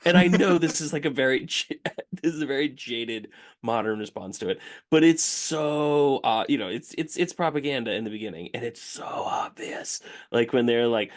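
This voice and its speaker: A man co-hosting a relaxed film discussion with an animated delivery. He laughs between points and slips into quoted voices to make his case. His pitch sits in the middle. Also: moderate pace, hardly any pauses. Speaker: podcast co-host.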